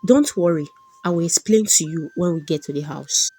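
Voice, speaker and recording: A woman voicing a calm, reassuring male friend in a folktale. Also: on the high side, normal speed, breathy edge, soft background music, full character voice.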